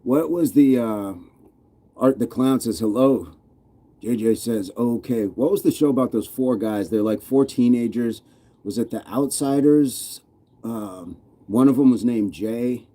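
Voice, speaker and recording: This American man hosts a fitness channel live stream, reading the chat out loud with a relaxed, playful manner and plenty of chuckles. His voice sits in the mid range, mellow and a bit slow.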